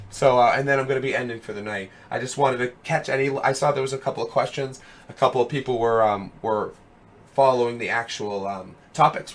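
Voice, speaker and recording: A young man with a hoarse, worn voice, streaming and chatting casually with his viewers, rambling with lots of fillers and calling them dude and brother. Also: medium pitch, a bit bright. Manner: rambling, fillers of "you know what I mean". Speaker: streamer hosting a web show. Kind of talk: casual live-stream chat. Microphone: headset.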